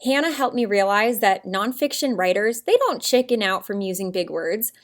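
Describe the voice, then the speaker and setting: Upbeat and encouraging, a woman with a medium-pitched, sing-song voice leads a first grade writing lesson. She calls the children "friends" and sounds words out slowly, one syllable at a time.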